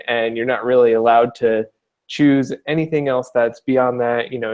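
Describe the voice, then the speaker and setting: A man from Long Island, New York, joins a video call as a guest, his mid-range voice a little mellow and the recording muffled. The casual chat finds him joking, rambling, and laughing often.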